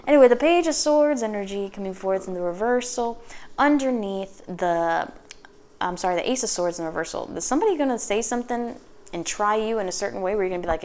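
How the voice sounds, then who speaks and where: A woman giving a casual tarot reading, chatty and sassy, swearing freely and tossing off quick acted asides. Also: mid-range voice, expressive, a little mellow. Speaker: tarot reader.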